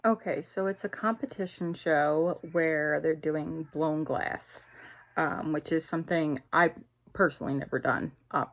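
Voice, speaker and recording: A young woman with a New Jersey accent talks in a rambling, chatty way on her own vlog, often cutting herself off mid-thought. Her voice sits on the low side for a woman and has a gravelly, fried texture. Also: measured pace. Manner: rambling, chatty, self-interrupting. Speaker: YouTuber. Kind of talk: casual chat reviewing shows.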